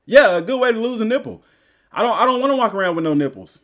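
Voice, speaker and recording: A man's voice: high-pitched, animated, fast talker, a bit bright. A male gaming streamer chatting casually and rambling through stories while he plays. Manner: rambling, loose storytelling. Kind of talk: casual live-stream chat.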